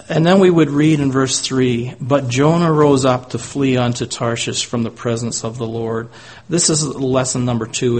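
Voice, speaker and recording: A man's voice: medium pitch, slightly rough. A man preaching a sermon, often closing his points with rhetorical tag questions to the congregation.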